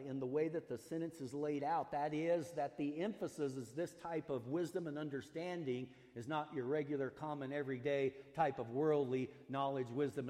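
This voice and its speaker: A male pastor delivers a sermon in a mellow, relaxed voice, pressing and stretching the words he wants to land. He keeps it conversational with small asides and fillers. His voice rings with a long reverb, as in a church sanctuary. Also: on the high side. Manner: earnest, stresses key words, stretches them out.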